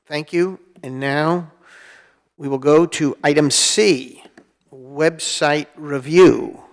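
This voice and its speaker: A man presiding over a village council meeting, speaking in a halting way with many ums and uhs. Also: fairly high pitch. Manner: halting, with frequent fillers.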